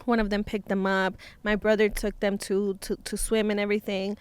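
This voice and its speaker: A woman's voice: medium pitch, level tone, fairly quick, clear, resonant tone, no echo. A woman in her thirties, a mother and vlogger, telling a personal story in a casual, heartfelt way, sometimes dropping into Spanish phrases.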